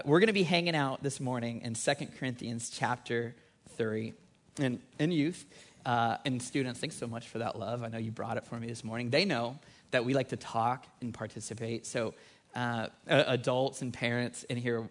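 Guy in his 30s preaching, lively and chatty, punches the big words. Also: medium pitch, moderate pace. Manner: energetic, conversational preaching with rising emphasis. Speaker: pastor. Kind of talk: sermon.

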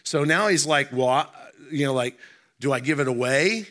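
A man preaching a sermon as pastor, emphatic and full of rhetorical questions to the congregation, slowing down when he reads scripture aloud. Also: mid-range voice, fairly bright tone. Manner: slows down to read scripture aloud.

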